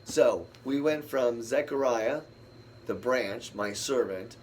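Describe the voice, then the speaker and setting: Slow, rambling man leading Bible study. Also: medium pitch, slight background noise. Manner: rambling, thinks aloud and talks back to scripture. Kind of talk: casual Bible study talk.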